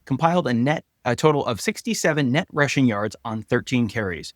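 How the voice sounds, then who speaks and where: Man, podcast co-host, lively swinging pitch, dry close mic, wry storyteller. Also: a little fast, dry recording. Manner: wry, animated storytelling with mock voices. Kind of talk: casual sports chat.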